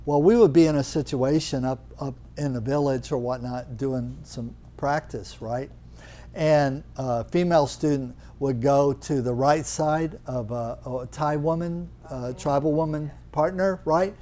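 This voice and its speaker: A man's voice: medium pitch, measured pace, warm tone. An older man teaching a live Thai yoga class, chatty and teasing, explaining with questions to students in the room.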